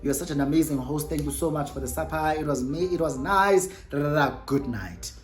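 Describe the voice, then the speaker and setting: A woman doing an easygoing, considerate young man with a South African accent, low and unhurried. The voice sits deep for a woman, and faint music runs underneath. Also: lightly acted. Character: friendly considerate young male neighbour.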